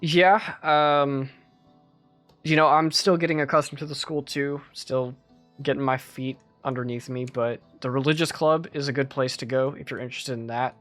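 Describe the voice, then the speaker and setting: A man's voice: medium pitch, fairly even intonation, fairly bright tone, lightly acted. A man voicing a polite, apologetic young male student from a church, in a tabletop game with guitar music behind. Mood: friendly. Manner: apologetic, friendly, slightly halting.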